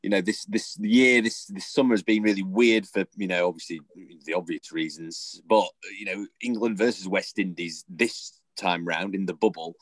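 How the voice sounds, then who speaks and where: A man hosting an interview, his voice low-pitched and heard dry with no room echo. He asks long, rambling questions that restart and trip over themselves before landing. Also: fairly even intonation, normal speed, few pauses. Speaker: podcast host.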